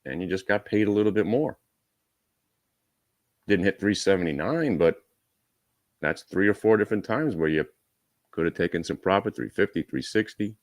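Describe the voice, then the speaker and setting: Male trading-room host, very low pitch, dry close sound, brisk coaching manner. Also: expressive, dry recording. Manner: brisk and coaching, talks to viewers directly; wry asides. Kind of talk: live trading room commentary.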